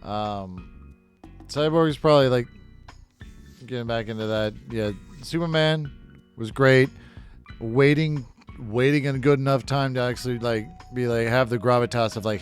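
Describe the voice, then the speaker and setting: Over faint music, a man with a mid-range voice talks a little slowly as he narrates his own game in let's-play style. The gaming host rambles, curses freely and doesn't hold back his opinions.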